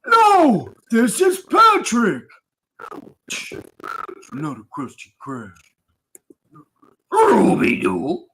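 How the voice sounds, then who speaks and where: Man doing cartoon voice impressions, exaggerated, wildly swinging pitch, slow drawn-out delivery, faint background noise. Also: wildly swooping pitch, pushed and bright, heavily acted, rough recording. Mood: zany impressions. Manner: jumps between exaggerated voices. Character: rapid string of cartoon character impressions. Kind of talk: comedy impressions video.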